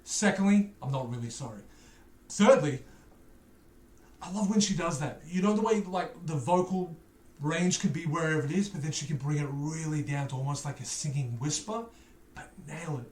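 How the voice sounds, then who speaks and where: Man, Liverpool accent with Australian edges, high voice, jokey animated reaction chat, echoey room. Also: normal speed. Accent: Liverpool, softened by Australian. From Liverpool, England. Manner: joking, animated, playfully ranting with stammered repeats. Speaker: music reaction host. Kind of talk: casual reaction commentary.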